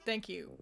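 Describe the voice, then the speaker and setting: A young American woman streams and chats casually with her viewers, reading from chat as she goes. Her voice sits high, creaky and a bit bright. She rambles, laughs often, and frequently restarts her sentences.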